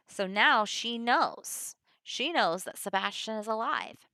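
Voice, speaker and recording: A woman's voice: a little high, animated, slow, pushed and bright, dry recording. A woman casually retelling a play scene by scene, paraphrasing in everyday words with lots of "like" and "you know". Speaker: teacher summarizing a play.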